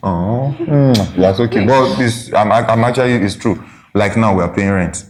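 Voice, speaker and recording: A young Nigerian man co-hosting a casual chat with his wife, talking slowly and searching for words, often checking "you get?". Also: lowish voice. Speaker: podcast co-host.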